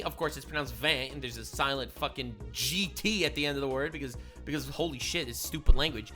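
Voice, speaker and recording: A young man with a very bright, lively voice rants in a casual reaction stream. He swings from loud outbursts to low mutters, swearing freely. Faint music plays behind him. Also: fairly quick, hardly any pauses. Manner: loud, swearing, ranting with big swings in loudness.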